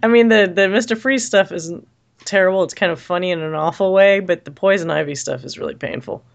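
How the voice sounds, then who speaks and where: A man's voice: high voice, brisk, vocal fry. A man co-hosting a podcast in casual chat, rambling and laughing often as he talks. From United States. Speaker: podcast co-host.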